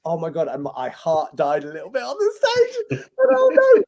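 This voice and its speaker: A British man, a magician and compere, telling stories as a podcast guest in a lively way, swearing and acting out what people said. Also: a little high, fairly quick. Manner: animated, swears freely, acts out quoted lines. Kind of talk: anecdotal storytelling interview.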